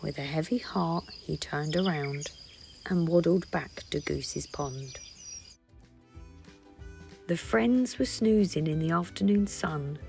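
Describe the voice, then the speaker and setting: A woman reading a children's picture book aloud in an expressive storytelling voice. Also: deep voice, slow, vocal fry, long pauses, music in the background. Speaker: storybook reader.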